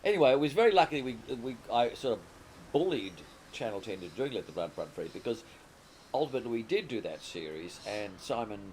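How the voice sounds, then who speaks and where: A man's voice: on the low side, a little mellow, a little hiss or hum. A man in his sixties with an Australian accent, a comedy writer and producer telling stories as an interview guest, rambling and restarting often. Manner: rambling anecdotal storytelling with frequent restarts. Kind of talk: conversational interview.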